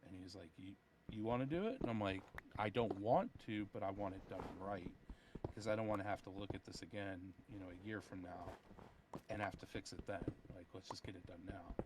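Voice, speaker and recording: A tired man, a software developer, ranting about work with heavy swearing in a casual voice-chat conversation. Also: low voice, brisk, background noise. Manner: profane, ranting, retells dialogue. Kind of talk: casual chat over voice call.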